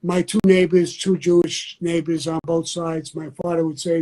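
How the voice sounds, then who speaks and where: An older man with a mellow, warm voice. He speaks bluntly in a loose, conversational interview style, circling back and repeating his points. His pitch sits a little high for a man. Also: flat delivery, moderate pace, few pauses, rough recording. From New York. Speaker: interview guest. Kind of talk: candid interview talk.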